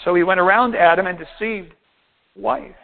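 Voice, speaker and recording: High-pitched preacher guy giving a sermon, slows down on the big points, sounds tinny like over a phone. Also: gravelly. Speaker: pastor.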